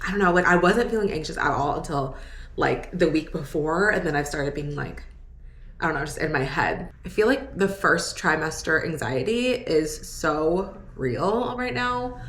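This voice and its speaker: Casting note: young woman, slightly low voice, worn-out and teary, candid rambling vlog talk. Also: animated, normal speed, a bit bright. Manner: candid, rambling, frequent "like" and laughter. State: exhausted, tearful. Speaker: vlogger. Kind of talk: casual vlog diary.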